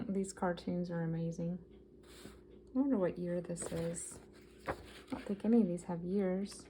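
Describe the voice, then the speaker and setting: A vintage collector vlogger from the American South chats casually through a show-and-tell haul of yard-sale finds, reading items aloud with enthusiasm. Her voice is lowish and mellow at a measured pace. The poor audio carries a little hiss or hum.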